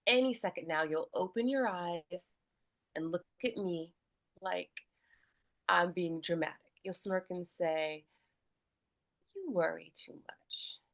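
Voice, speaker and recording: A woman voices a grieving person at a loved one's bedside, talking slowly and softly in a halting, choked way. The delivery is unhurried, with pauses where the voice catches. The sound is dry and close, with no room around it. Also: on the low side, gravelly, dry recording. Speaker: voice acting student. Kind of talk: scripted dramatic read.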